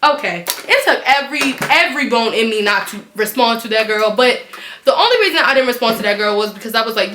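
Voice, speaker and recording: A teenage girl telling a storytime on her vlog, animated and blunt, swearing freely. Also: fairly high pitch, fast, roomy sound, a little hiss or hum. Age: teens. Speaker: vlogger.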